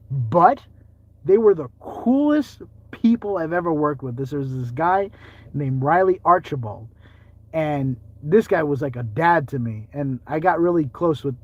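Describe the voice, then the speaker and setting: A man hosting a ghost-hunting livestream, rambling, joking and laughing often with viewers as he chats. His voice sits slightly high for a man, and the sound is dull and lo-fi. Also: darkish tone. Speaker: ghost-hunting video host. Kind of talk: live-stream chat with viewers.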